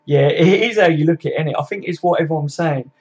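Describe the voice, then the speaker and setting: A man's voice: a little high, fast, darkish tone, husky. A man hosting a casual live football chat, reading and answering viewer comments by name, swearing freely and laughing often. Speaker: livestream host.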